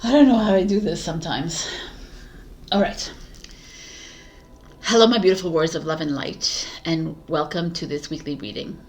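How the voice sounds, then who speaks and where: A woman's voice: sits low, moderate pace, long pauses, a little hiss or hum. A woman tarot reader talking casually to her viewers, laughing at herself and losing her train of thought. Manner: giggly, scattered, laughing at herself. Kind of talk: casual spoken tarot talk.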